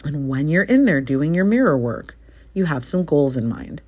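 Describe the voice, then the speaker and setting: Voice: medium pitch, very animated, normal speed, darkish tone, dry recording. Candid podcast host, dry close sound. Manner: candid and conversational, with casual swearing and encouraging direct advice. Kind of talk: motivational podcast monologue.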